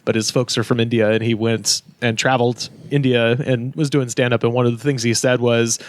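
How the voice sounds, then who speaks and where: A man from Alabama co-hosting a podcast, telling stories in casual chat and chiming in with quick agreement. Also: medium pitch, flat delivery. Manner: storytelling, frequent agreeing interjections. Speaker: podcast co-host.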